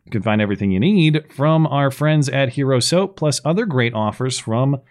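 Podcast host, man, mid pitch, casual and self-mocking. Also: lively intonation, normal speed. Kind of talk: casual podcast talk with ad read.

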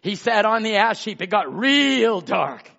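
A man preaching a sermon as pastor, swinging between emphatic shouts and hushed asides and calling out listeners by name. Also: high-pitched, very animated, a little slow, gravelly. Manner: calls out congregation members by name. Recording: dull lo-fi sermon recording.

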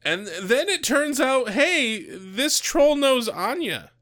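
A man's voice: very high-pitched, sing-song, fairly bright tone. A man co-hosting a casual podcast, recapping a TV episode with wry puns. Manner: wry, punning, unhurried. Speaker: podcast co-host.

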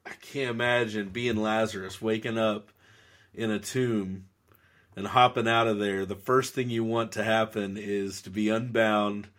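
A man co-hosting a casual Bible discussion podcast, lively and joking, acting out quoted lines. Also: on the low side, measured pace. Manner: animated, jokey, acts out quotes. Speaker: podcast co-host.

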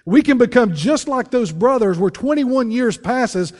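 A man preaching as pastor, earnest, often dropping low and quiet to press a point. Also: animated, unhurried, big-room sound. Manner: earnest preaching, voice drops low and soft on key phrases. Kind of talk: sermon.

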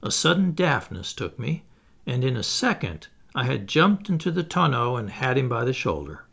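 A man reading a classic novel aloud as scripted audiobook narration, in an expressive storytelling manner. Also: moderate pace, gravelly. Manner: lively, expressive reading with animated pitch. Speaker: audiobook reader.

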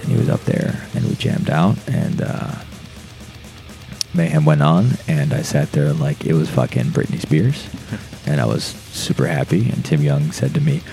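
A man's voice: extremely low pitch, very animated, moderate pace, creaky, warm tone, faint music behind. A young man, a guest on a podcast, telling a rambling, profane story with many fillers. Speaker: podcast guest, metal musician. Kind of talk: casual storytelling.

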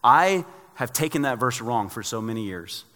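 Pastor, male, mid-pitched, lively sermon delivery with acted dialogue, reverberant hall sound. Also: moderate pace. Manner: animated storytelling, acts out dialogue.

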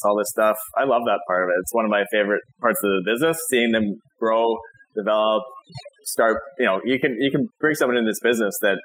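A Canadian real estate broker in his thirties appears as a guest on an interview show, talking in a friendly, rambling way with many restarts. His voice is lowish and fairly bright, and the recording quality is low.

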